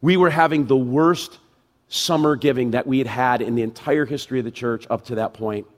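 A middle-aged man preaching a sermon as pastor, emphatic, acting out inner thoughts and dropping low and quiet for the Spirit's words. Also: a little fast.

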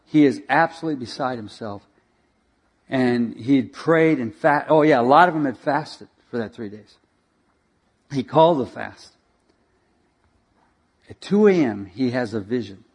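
A male preacher telling a dramatic story in a sermon, animated and directing slides as he goes. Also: mid-range voice, a little slow, long pauses, husky.

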